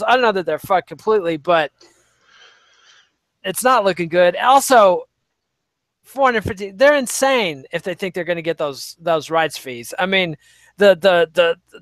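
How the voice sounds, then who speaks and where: Wry high-voiced podcast co-host. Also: male voice, a bit bright, dry recording. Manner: wry, rambling commentary with many fillers. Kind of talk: casual chat.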